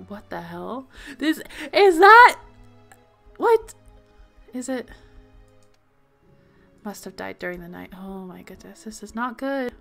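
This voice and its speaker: A woman's voice: a little high, creaky, fairly bright tone. A young woman giving let's play commentary, reading game text aloud and reacting with worried exclamations. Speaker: gaming video host.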